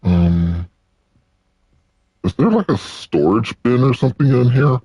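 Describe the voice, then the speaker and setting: A man's voice: mid-range voice, animated, unhurried, dark tone, dry recording. A man giving joking, casual commentary while playing a video game. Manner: joking, laughs at himself. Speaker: let's play gamer.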